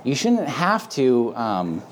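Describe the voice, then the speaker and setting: A man hosting a casual Bible teaching chat, speaking emphatically with plenty of fillers. His voice sits at an ordinary middle pitch, and his conversational delivery mixes firm statements with relaxed asides. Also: slow pace, a little hiss or hum.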